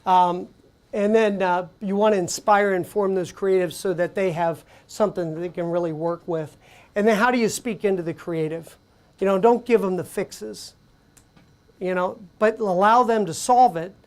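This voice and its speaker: A woman's voice: medium pitch, normal speed. Woman giving a conversational conference talk. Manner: conversational, animated storytelling with frequent fillers. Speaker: conference presenter. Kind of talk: conference presentation. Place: conference venue.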